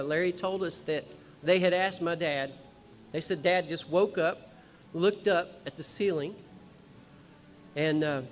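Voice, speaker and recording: A man with a lilt tells a family story from a concert stage through a microphone. His voice sits a little high for a man, and he rambles warmly and chuckles now and then. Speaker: son of the honored musician, speaking at a tribute show. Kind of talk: personal stage speech.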